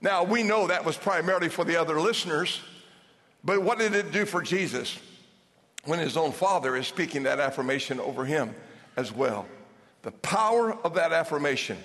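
An older man preaching a sermon as pastor, telling stories with humor, animated and repeating his phrases. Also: fairly high pitch, moderate pace. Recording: long hall reverb.

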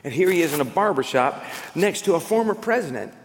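A man's voice: fairly high pitch, animated, fairly quick, long reverb tail, slight background noise. A man preaching a sermon as a pastor, emphatic and full of rhetorical questions.

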